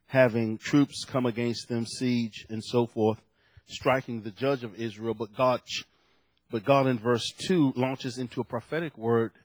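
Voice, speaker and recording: A man's voice: medium pitch, darkish tone, no room sound. A man preaching a sermon at a lectern to a congregation, telling stories with animation and acting out the voices in his quotes.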